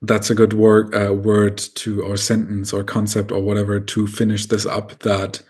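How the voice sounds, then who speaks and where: A man's voice: fairly low pitch, monotone, moderate pace, a little mellow. A man co-hosting a podcast, reflective and searching for his words with many fillers and restarts. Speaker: podcast co-host. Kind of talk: casual podcast discussion.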